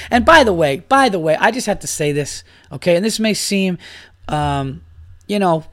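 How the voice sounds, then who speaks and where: Male comic podcaster, solo rant, profane and rambling, voice sits a bit high. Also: sing-song, normal speed, no echo, clean studio sound. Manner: rambling, profane, gets worked up and loud. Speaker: podcast host, stand-up comic.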